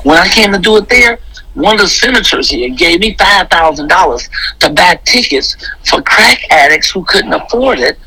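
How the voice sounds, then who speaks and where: A middle-aged man, a comedian and interview guest, giving an exuberant, preachy testimony in quick bursts. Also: high-pitched, expressive, pushed and bright, husky, no echo, low-quality recording.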